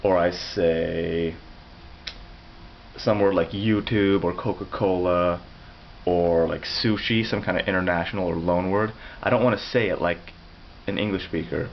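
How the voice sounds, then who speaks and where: A man's voice: low voice, fairly even intonation, measured pace, creaky, muffled recording, a little hiss or hum. A man talking to camera in a casual video about languages, explaining as he goes and often breaking off and restarting his sentences. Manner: rambling, self-correcting, explanatory. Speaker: language vlogger.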